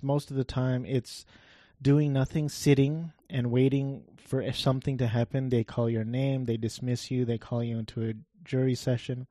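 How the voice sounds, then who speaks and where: A man giving rambling, wry gameplay commentary in a flat, monotone voice, swearing offhandedly as he talks. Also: medium pitch, no room sound, studio quality.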